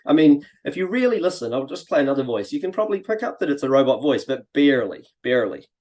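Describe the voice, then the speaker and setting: A man hosting a casual interview, talking in a relaxed, chatty way with many fillers. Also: medium pitch, fast. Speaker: host. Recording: echoey room.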